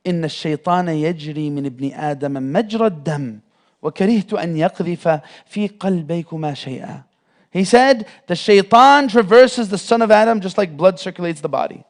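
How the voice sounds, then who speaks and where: Man giving a mosque class lecture, high-pitched voice, lively delivery that slips into acted-out voices. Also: brisk. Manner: animated, acts out imagined speakers, frequent fillers. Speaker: Islamic teacher.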